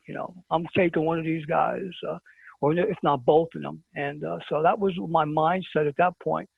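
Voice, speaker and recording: A man's voice: high-pitched, vocal fry, breathy edge, no room sound. A middle-aged man from Brooklyn, a show guest telling a story and acting out the exchanges. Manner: dramatic retelling with quoted exchanges. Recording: tinny phone line.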